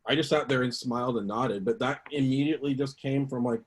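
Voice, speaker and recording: A man's voice: medium pitch, steady tone, a little fast. A man on a community panel, casually recounting an anecdote and acting out quotes in a lifted voice. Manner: chatty, acts out quotes with a lifted voice. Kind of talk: casual storytelling.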